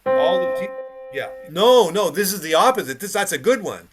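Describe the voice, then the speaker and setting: A male piano teacher on a video call, his voice sitting a touch high. He drives points home by repeating short cues over and over, with piano playing clearly behind him. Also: very animated, normal speed. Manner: emphatic, repeats short cues while demonstrating. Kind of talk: one-on-one instruction.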